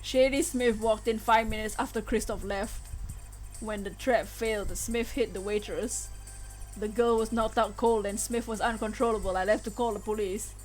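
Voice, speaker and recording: A woman voicing a calm older male defendant from a game, recounting events in a measured way. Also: on the high side, soft background music, close to an everyday voice.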